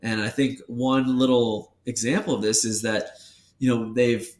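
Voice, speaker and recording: A man co-hosting a podcast, telling a story in a rambling, animated way with many restarts, hyped up. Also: medium pitch, unhurried, recorded from a distance. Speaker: podcast co-host. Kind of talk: casual podcast chat. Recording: echoey room, away from the mic.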